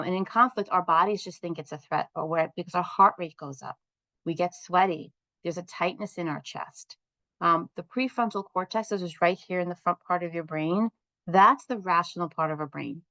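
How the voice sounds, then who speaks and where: Woman facilitator, slightly low voice, steady teaching delivery, dry close recording. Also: dry recording, lo-fi sound. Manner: calm, explanatory, asks the group questions. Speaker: parent support group facilitator. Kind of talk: instructional talk to a group.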